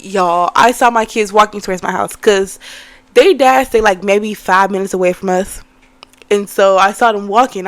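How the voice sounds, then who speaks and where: A young woman telling a story in a casual vlog, animated and cursing, talking to viewers as y'all. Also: medium pitch. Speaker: vlogger.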